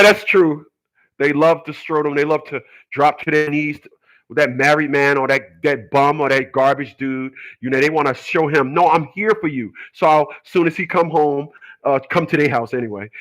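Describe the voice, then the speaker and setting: Crude joking man host, mid-high voice. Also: a bit bright, low-quality recording. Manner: crude, joking, laughs a lot at his own jokes. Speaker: internet talk show host. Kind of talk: casual live-stream chat reading viewer comments.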